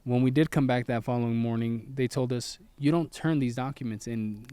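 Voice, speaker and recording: A calm young man talks in casual chat, setting out his points carefully and at length. His voice is smooth and clear, with a pitch in the middle for a man. The recording is dry and close. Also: a little fast, no room sound. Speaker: co-host of a couple's channel.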